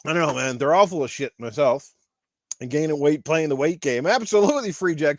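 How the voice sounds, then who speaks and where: Male podcast host, angry profane rant, high pitch, dry close sound. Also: animated, brisk, dry recording. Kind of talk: ranting gaming podcast.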